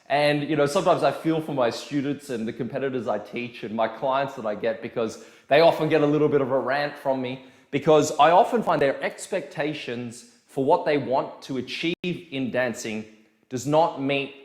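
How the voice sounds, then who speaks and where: A man's voice: a little high, echoey room. A man who coaches dance, talking casually to viewers and telling stories with quoted dialogue. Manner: chatty, animated storytelling with quoted dialogue. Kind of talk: casual video lesson.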